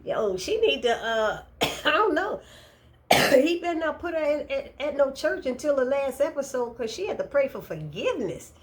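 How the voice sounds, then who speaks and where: A woman recapping a TV episode in a casual, animated way, laughing and acting out the characters' lines. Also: high voice, normal speed. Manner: expressive, laughing, acts out quotes. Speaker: TV recap vlogger.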